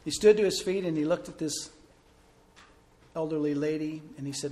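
A man preaching a sermon as a pastor, telling a story with big swings between loud emphasis and soft, slow pauses. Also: on the high side.

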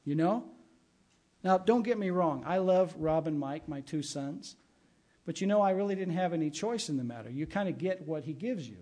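A man's voice: a little high, lively intonation, moderate pace, dark tone. A middle-aged man, a pastor, giving a sermon in a conversational way and weaving in personal stories. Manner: conversational preaching with personal anecdotes.

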